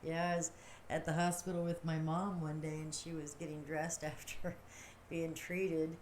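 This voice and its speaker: A woman's voice: low voice, level tone, normal speed, a little mellow, a little hiss or hum. A middle-aged woman hosting a livestream, talking casually in a rambling, chatty way and laughing often. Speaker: livestream host. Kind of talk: casual chat.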